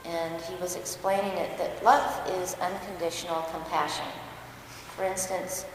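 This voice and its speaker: A woman's voice: on the low side, steady tone, moderate pace, a little hiss or hum. A woman giving a personal storytelling talk, candid and self-mocking, often laughing at herself. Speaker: dharma talk speaker. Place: large church hall. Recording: echoey hall recording with long reverb.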